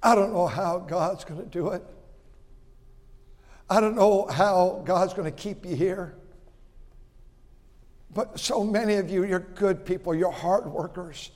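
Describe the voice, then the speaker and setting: A male pastor preaching a sermon, swinging between shouted emphasis and hushed, confessional tones. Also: high voice, measured pace, long pauses, long reverb tail.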